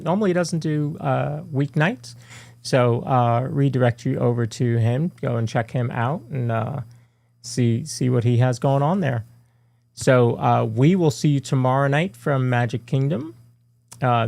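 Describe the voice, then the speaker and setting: Gravelly man co-hosting a podcast. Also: medium pitch, a little mellow, no room sound. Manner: rambling, many fillers and restarts. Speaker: podcast co-host. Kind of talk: casual live podcast chat.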